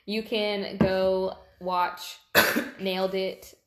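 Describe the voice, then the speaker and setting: A woman's voice: medium pitch, little pitch movement, drawn-out words, a bit bright. A woman in her twenties co-hosting a casual chat, talkative and giggly, often trailing off mid-sentence. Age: 20s. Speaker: podcast co-host. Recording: echoey room.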